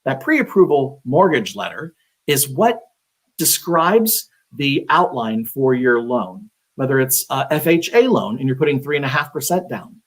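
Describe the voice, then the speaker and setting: A man's voice: medium pitch, big pitch swings, unhurried. A man working as a real estate agent, giving casual advice on a live stream, talking conversationally with many fillers and restarts.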